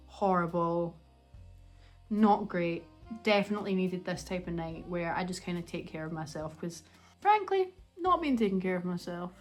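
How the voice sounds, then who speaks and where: A young woman chatting casually at home for her vlog, rambling and self-mocking as she laughs her way through a story. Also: mid-range voice. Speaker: vlogger.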